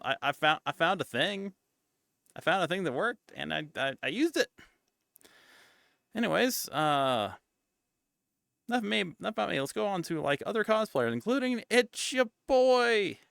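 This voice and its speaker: A man's voice: a little high, lively intonation, normal speed, creaky, pushed and bright, no echo, clean studio sound. A man streaming as a VTuber, chatting casually in a playful, teasing way.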